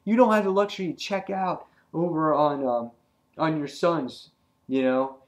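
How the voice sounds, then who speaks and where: A man's voice: on the high side, steady tone, unhurried, pitched above the performer's own voice, close to an everyday voice. A man voicing a stern woman who lectures a grieving man to get over his loss, in a casual retelling. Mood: insistent. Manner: lecturing, insistent.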